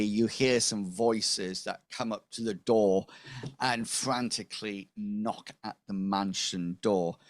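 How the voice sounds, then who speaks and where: A man's voice: lowish voice, no echo. A man narrating as game master for a tabletop game, rambling with many fillers.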